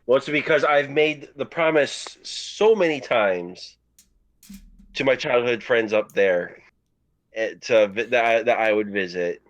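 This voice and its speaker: A man from New York on a casual talk show panel, speaking in a low-key, reflective way. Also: a little slow. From Rochester, New York, United States. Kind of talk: casual chat.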